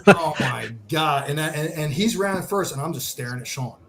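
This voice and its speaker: Animated storytelling man, slightly high voice. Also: normal speed, vocal fry. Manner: animated storyteller, acts out quotes. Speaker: charity founder, guest. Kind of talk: casual storytelling.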